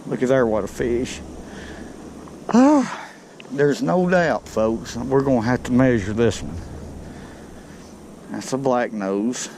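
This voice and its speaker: A little slow and a little mellow, this mid-range male voice belongs to a fishing video host who chats folksily from a boat near the docks and speaks to the fish he lands. Slight background noise is present.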